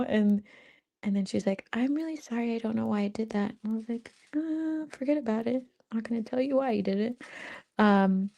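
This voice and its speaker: A woman's voice: medium pitch, creaky, warm tone. A woman hosting a spiritual talk, telling stories in a rambling, giggly way with many fillers. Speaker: spiritual channel host. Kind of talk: casual storytelling to viewers.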